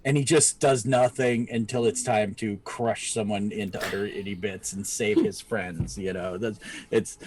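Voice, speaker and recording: A man's voice: fairly low pitch, steady tone, normal speed, darkish tone, a little hiss or hum. A man co-hosting a casual live-streamed chat, talking in a rambling, playful way and often breaking into laughter. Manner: rambling and playful, often laughing and acting out little character voices. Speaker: podcast co-host.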